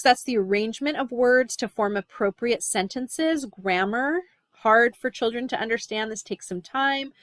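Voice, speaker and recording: A woman's voice: mid-range voice, fairly bright tone, no room sound. A woman giving a recorded class lecture, explaining terms with frequent "um" and "right?" check-ins.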